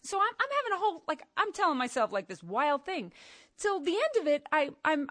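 A middle-aged woman preaching to a women's gathering, emphatic and animated, moving from soft asides to loud outbursts. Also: high-pitched, fairly quick, no echo, studio quality. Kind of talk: sermon.

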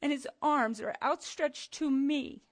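Woman preacher, sermon to women, emphatic, swings soft to loud, highish voice, dry close sound. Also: measured pace, no room sound. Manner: animated and emphatic, jumping between soft asides and loud outbursts. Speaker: speaker at a women's gathering.

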